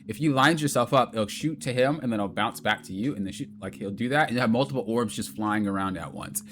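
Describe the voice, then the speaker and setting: A man's voice: mid-range voice, fast talker, fairly bright tone, a little hiss or hum. A man casually coaching a player through a gameplay replay, explaining step by step and often saying "look" and "you see.". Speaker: game coach.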